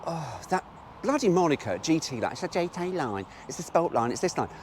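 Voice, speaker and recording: A man's voice: fairly high pitch, sing-song, a little fast, a little mellow, a little hiss or hum. A British man talking his way through a car review while driving, frank and rambling, swearing freely. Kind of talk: casual driving vlog. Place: inside a moving car. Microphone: GoPro camera.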